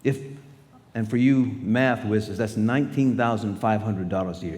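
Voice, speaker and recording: A man's voice: on the low side, moderate pace, darkish tone. A man in his sixties giving a storytelling speech to students in a large school hall, acting out the voices of people in his stories. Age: 60s. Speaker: guest speaker. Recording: long hall reverb.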